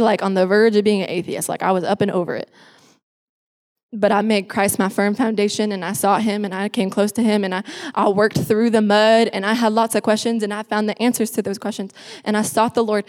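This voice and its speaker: A woman in her twenties, a pastor giving a personal testimony sermon on a church stage, speaking emphatically and repeating phrases for effect. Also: mid-range voice. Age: 20s. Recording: echoey hall with long reverb.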